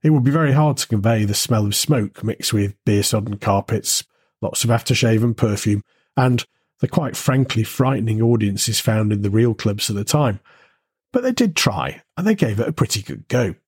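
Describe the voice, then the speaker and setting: A male host narrates in a steady, measured way and poses rhetorical questions now and then. His voice is very husky and sits rather low. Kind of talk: scripted narration.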